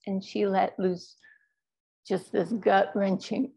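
A woman Zen teacher speaks at a middle pitch, her voice often sinking into a gravelly fry. She tells a personal story in a dharma talk, quiet and measured, pausing often as she speaks. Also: steady tone.

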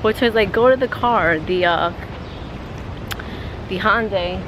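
A woman vlogging her family day, talking in an expressive, excitable way and dropping in Spanish phrases. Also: mid-range voice, slow pace, noisy background. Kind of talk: casual daily vlog. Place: home, then outside in a parking lot.

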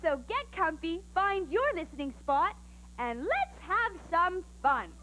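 A bubbly woman hosts a preschool story show with a sing-song delivery. Her voice is very high and leaps around in pitch, carried over cheerful music. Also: very animated, slow pace, pushed and bright. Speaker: children's TV host and storyteller.

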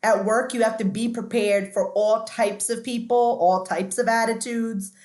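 A woman's voice: fairly high pitch, steady tone, measured pace, darkish tone, reverberant. A woman guest on an interview podcast, telling stories in a chatty, candid way, often restarting and saying "like".

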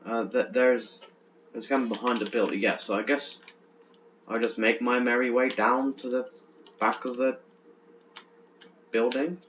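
A young man doing let's-play commentary on a horror game, chatty and easily excited, tripping over his words in bursts. His pitch sits in an average range. The recording is dull and lo-fi, with a faint hiss under it. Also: unhurried, pauses often. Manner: chatty, jumpy, stammers when excited. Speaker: gaming channel host.

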